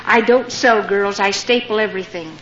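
A woman's voice: mid-range voice, steady tone, moderate pace, fairly bright tone. An older American woman, a missionary, telling a dramatic and humorous personal story to a women's gathering. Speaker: missionary speaker. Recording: dull lo-fi recording with faint hiss.

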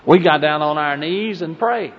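A man preaching from the pulpit in a somewhat high voice. His delivery surges into loud emphatic peaks, then sinks to hushed, low asides. The recording is muffled, and a long hall reverb trails every phrase. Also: normal speed. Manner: preaching with swelling emphasis and sudden soft drops. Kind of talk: sermon.

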